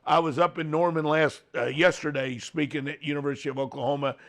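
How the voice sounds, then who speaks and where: A man's voice: on the high side, steady tone, quick pace, creaky, fairly bright tone. A man hosting a podcast, telling an anecdote with enthusiasm in a casual way. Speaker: podcast host. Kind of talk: casual storytelling.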